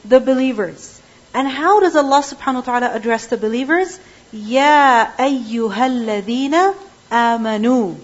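A woman's voice: fairly high pitch, brisk, muffled recording. A woman teaching a Quran class, explaining verses and checking in with her students with frequent questions.

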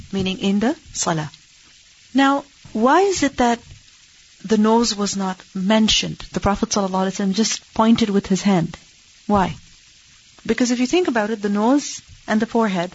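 A woman's voice: medium pitch, breathy edge, lo-fi sound. A woman teaching an Islamic hadith lesson, reading Arabic text and explaining it in English, asking and answering her own questions.

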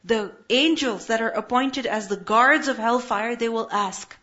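A high-voiced woman teaches a Quran lesson, breaking each Arabic word down and pressing her points with rhetorical questions. The recording is a little muffled and lo-fi. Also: a little slow, few pauses, a bit bright. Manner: explains Arabic words step by step with rhetorical questions. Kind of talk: religious lesson on Quranic verses.

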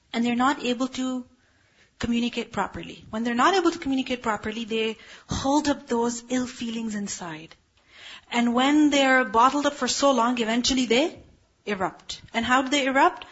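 Brief: woman religious teacher, high breathy voice, explains step by step and keeps asking if listeners follow. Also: a bit bright, lo-fi sound. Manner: explanatory, checks in with rhetorical questions. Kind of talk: Quranic explanation lesson.

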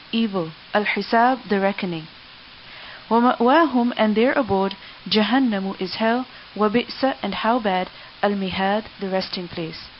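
A woman teaching a scripture lesson, reading each word and then giving its meaning. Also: medium pitch. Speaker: Quran teacher. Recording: dull lo-fi recording with faint hiss.

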